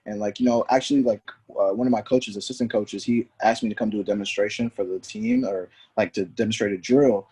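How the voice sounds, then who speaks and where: A low, dark-toned man speaks quickly, telling his story as a podcast guest. He acts out the people he quotes with energy, and his voice has a husky edge. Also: fairly even intonation. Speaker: guest, former pro soccer player. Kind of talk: storytelling in conversation.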